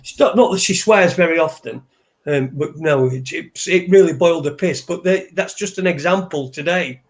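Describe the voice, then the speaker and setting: A man's voice: on the high side, moderate pace. A man, telling a rambling story in casual podcast chat, swearing and restarting often. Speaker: podcast co-host.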